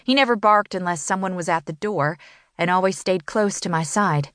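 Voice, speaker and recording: A woman's voice: on the low side, moderate pace, a bit bright, no room sound, clean studio sound. A woman reading a first-person story as an audiobook narrator, in an emotional storytelling manner.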